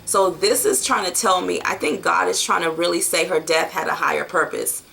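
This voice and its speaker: A woman's voice: lowish voice, moderate pace, vocal fry, bright, forceful tone, slight background noise. A woman doing a casual tarot reading, talking bluntly and loosely with plenty of fillers and some swearing. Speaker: tarot card reader.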